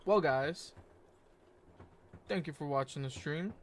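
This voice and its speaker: A young man streaming wraps up a game session in a laid-back, rambling chat with viewers, full of fillers and self-corrections. His voice is fairly high and he takes it slowly.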